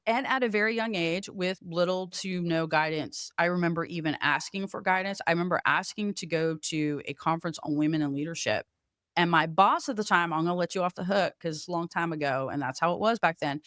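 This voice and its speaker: Lively woman podcaster. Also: on the low side, no room sound, studio quality. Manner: animated storytelling, acts out both sides of conversations. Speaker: podcast host. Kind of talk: solo podcast talk.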